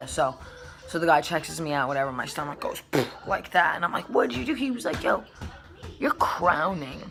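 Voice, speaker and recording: A woman's voice: deep voice, animated, a little fast, vocal fry, music in the background. A young adult woman vlogger in a casual storytime chat, acting out quotes and swearing casually.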